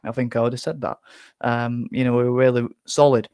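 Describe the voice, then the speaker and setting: A man's voice: mid-range voice, flat delivery, brisk, warm tone, clean tone, no room sound. A man hosting a live fan reaction, talking bluntly with many restarts and a little out of breath. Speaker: fan channel host.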